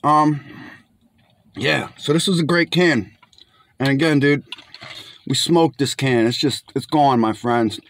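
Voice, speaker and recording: A man's voice: mid-range voice, takes it slowly, long pauses, a bit bright. A young man casually reviewing canned fish outdoors, chatty and laid-back, often calling viewers his friends. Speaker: food reviewer. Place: outdoors in bright sun.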